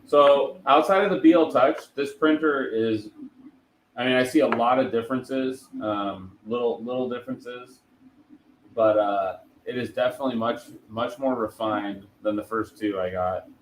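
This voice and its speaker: A man's voice: medium pitch, normal speed, slight background noise, low-quality recording. A man chatting casually on a livestream, rambling and talking to viewers while a 3D printer runs. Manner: laid-back, rambling, talks to chat. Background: printer running.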